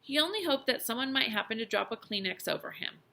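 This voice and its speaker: A woman teacher reading a children's novel aloud, with expressive storytelling and lively emphasis. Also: on the high side, fast talker, gravelly.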